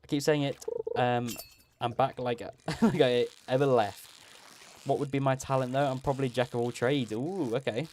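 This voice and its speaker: A man's voice: medium pitch, fairly even intonation, moderate pace, darkish tone, slight background noise. A man hosting a gaming livestream, rambling casually, laughing often and correcting himself mid-sentence.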